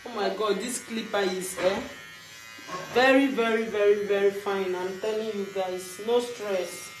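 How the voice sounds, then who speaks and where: A woman's voice: medium pitch, steady tone, a little slow, roomy sound, background noise. A woman, a mother, chatting casually to her viewers while unboxing something at home. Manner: chatty, talks to viewers as friends. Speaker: mother vlogger.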